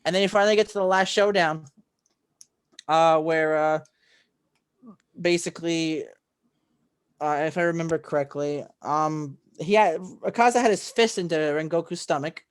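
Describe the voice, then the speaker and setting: A fairly high-voiced man chatting on a podcast, retelling a story with rising excitement. He rambles, stumbles and restarts often, full of "um" and "like". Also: normal speed, pauses often, clean tone. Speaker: podcast co-host. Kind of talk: casual chat recapping a film.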